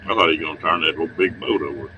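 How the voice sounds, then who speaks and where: A man's voice: a bass voice, rapid-fire, narrow, tinny audio, background noise. A man hosting a livestream, chatting casually with viewers in a folksy, chuckling way. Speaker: livestream host.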